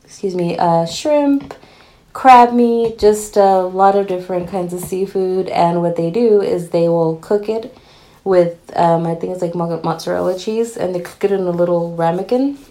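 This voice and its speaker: Female podcast co-host: low, warm voice, relaxed and easygoing explainer. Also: moderate pace. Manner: relaxed, explaining with casual fillers. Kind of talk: casual podcast chat.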